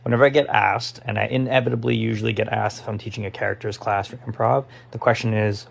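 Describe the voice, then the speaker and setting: A man's voice: on the low side, steady tone, quick pace, gravelly, few pauses, husky. A man from Taiwan, an improv teacher, giving his frank opinion in a casual talk to camera. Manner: casual, frank, lots of fillers.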